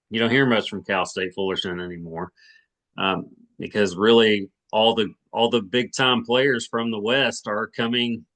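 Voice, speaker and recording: Low, bright-toned rambling man. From Arkansas. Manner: rambling, many restarts and hedges. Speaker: sports podcast co-host. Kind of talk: casual sports chat.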